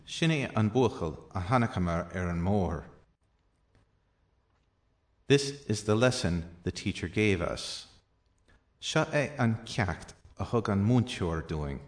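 Slow, low-voiced man teaching a language. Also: lively intonation. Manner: slow and deliberate, with soft low asides. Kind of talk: reading out practice sentences with translations.

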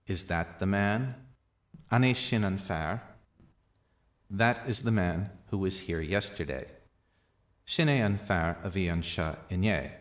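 A man teaching a language lesson, reading out practice sentences and their translations slowly and deliberately, with softer asides. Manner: slow and deliberate, with soft low asides.

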